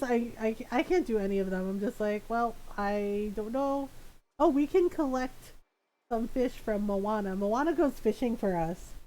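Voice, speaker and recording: A young woman streams a game and chats as she plays. Her voice sits a little high, and she talks at an easy, unhurried pace. She rambles and thinks out loud, and she laughs often. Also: rough recording. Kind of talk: casual gameplay chat.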